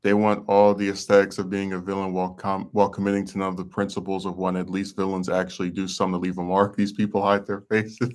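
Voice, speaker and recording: A man's voice: low voice, completely flat delivery, fast talker, few pauses. A young man hosting a podcast, ranting in a blunt, sarcastic, exasperated way. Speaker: podcast host. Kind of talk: casual chat.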